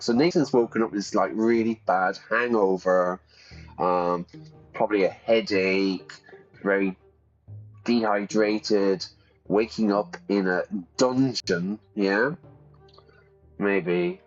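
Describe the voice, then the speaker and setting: A man's voice: fairly low pitch, unhurried. A man who teaches English while playing a game aloud, chatty and often checking in with his listeners. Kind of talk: reading a game aloud with vocabulary comments. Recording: dull sound with faint music.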